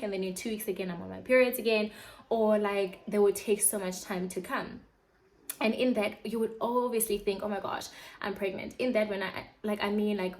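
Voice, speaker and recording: A young woman vlogger shares a candid personal storytime, chatty and open, acting out her own past reactions in quoted asides. Her voice is mid-range, and the audio quality is poor.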